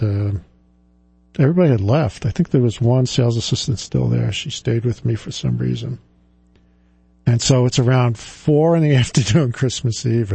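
A middle-aged financial advisor tells stories in a relaxed, chatty way, chuckling and restarting his sentences. His voice is gravelly and husky, with a mellow, dark tone. The recording is dry and close. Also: mid-range voice, dry recording. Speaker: financial advisor and firm president. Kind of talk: casual storytelling monologue.

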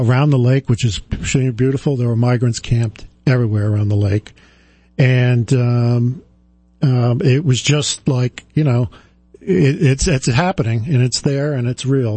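A man's voice: medium pitch, mellow, no room sound. Rambling middle-aged man, radio host. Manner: rambling, hesitant, many fillers and restarts. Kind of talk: casual on-air storytelling.

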